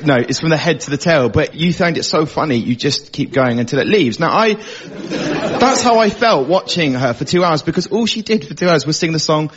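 A man's voice: fairly high pitch, expressive, moderate pace, highs cut off. A young man doing a chatty stand-up story with voiced asides. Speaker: comedian. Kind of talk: stand-up routine.

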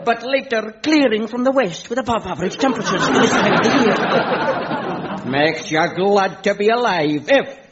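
A bawdy Scottish Highland servant. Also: male voice, animated, a loud crowd, heavy background noise. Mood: wry. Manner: broad dialect, drawn-out, jokey. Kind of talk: comedy sketch with live audience. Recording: lo-fi recording with audience laughter.

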